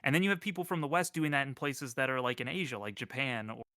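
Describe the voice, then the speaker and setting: A man's voice: mid-range voice, lively intonation, quick pace, sharp tone, no room sound, clean studio sound. A man co-hosting a casual livestream chat, telling a story in a rambling way with lots of fillers. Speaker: co-host.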